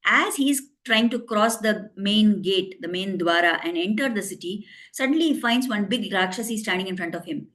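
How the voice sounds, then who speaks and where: A woman tells a devotional story, explaining each step in plain words. Her voice sits at a middle pitch, and she often stops to add a note for her listeners. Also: lively intonation, moderate pace, hardly any pauses, a bit bright. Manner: explains and retells in simple English, quoting characters.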